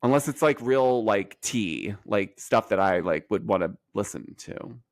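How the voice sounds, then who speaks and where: A man with a slightly low voice chats casually about celebrity gossip. He talks loosely, restarts his sentences often and leans on "like". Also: expressive, measured pace. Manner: conversational, trailing restarts, says "like". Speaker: podcast guest.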